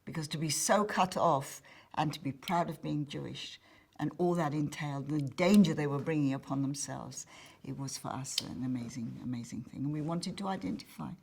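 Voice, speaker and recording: Low-voiced older woman reminiscing. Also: normal speed, vocal fry, breathy edge. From England. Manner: lively storyteller, acts out quoted dialogue. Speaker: interviewee, former activist. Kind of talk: recollecting interview answers.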